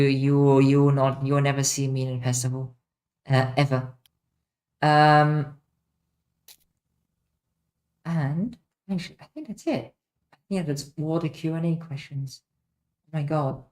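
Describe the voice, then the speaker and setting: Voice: mid-range voice, a little mellow. A streamer in a casual livestream Q&A, chatting off the cuff while answering viewers' questions from a home setup.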